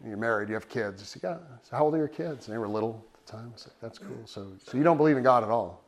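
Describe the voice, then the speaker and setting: Middle-aged male pastor, mid-pitched voice, chatty earnest sermon delivery. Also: racing. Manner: conversational storytelling, animated and earnest.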